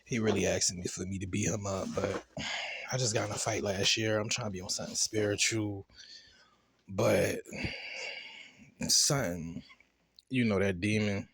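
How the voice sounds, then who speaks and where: Man, low voice, AAVE, casual profane show-review rant, laughs easily. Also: steady tone, moderate pace, gravelly, pauses often, a bit bright, husky, no echo. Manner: loose, chatty, profane storytelling with laughs.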